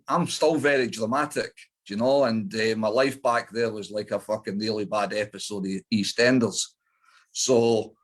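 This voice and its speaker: A middle-aged man with an Edinburgh Scottish accent, a guest in an interview, telling his life story bluntly with lots of swearing and fillers. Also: medium pitch. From Scotland.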